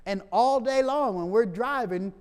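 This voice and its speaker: A man's voice: very high-pitched, unhurried, a little mellow, clean tone. A male pastor giving a chatty mission trip report to his congregation, with laughing asides. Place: church sanctuary. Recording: long church reverb.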